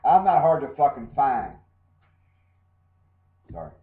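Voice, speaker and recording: A man's voice: mid-range voice, very animated, slow. A man, ranting angrily and profanely as a guest on a wrestling podcast while drinking. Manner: angry, swearing, drinking, loud and ranting. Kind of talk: profane heated rant. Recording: tinny phone-like audio in echoey room.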